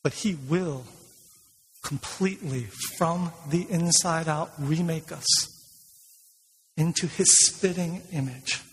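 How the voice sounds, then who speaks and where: A male pastor preaching a sermon in a church, asking the congregation questions and telling stories in a lively way. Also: fairly high pitch, slow, a little hiss or hum. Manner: retells a film scene with lively storytelling. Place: church sanctuary. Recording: long reverb of a large hall.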